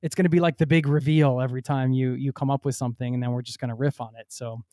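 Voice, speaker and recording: A man hosting a travel podcast, talking in an energetic, jokey way with plenty of casual fillers and restarts. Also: mid-range voice, quick pace, dry recording, clean studio sound. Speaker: podcast host. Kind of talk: upbeat podcast intro and chat.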